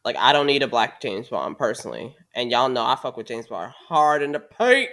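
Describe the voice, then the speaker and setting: A woman's voice: extremely low pitch, sing-song, brisk, fairly bright tone. A woman co-hosting a podcast in casual chat, blunt and outspoken, swearing freely. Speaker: podcast co-host.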